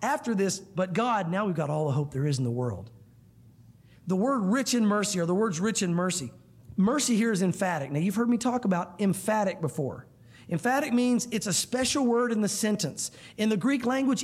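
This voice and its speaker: A man's voice: high-pitched, expressive, normal speed. A man preaching a sermon to a room of listeners, earnest and emphatic, often calling them guys. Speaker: pastor. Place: church room.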